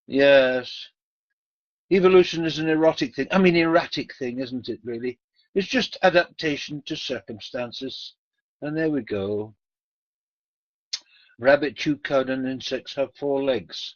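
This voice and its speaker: Swearing, joking debate room moderator. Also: male voice, medium pitch, no echo. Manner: swearing, joking, laughing, loud bursts. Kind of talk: casual chat. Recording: muffled lo-fi mic.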